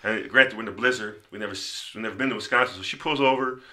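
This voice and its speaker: A man guest telling his life story in casual conversation, animated, slipping into quoted voices. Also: lowish voice, fast talker. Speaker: podcast guest.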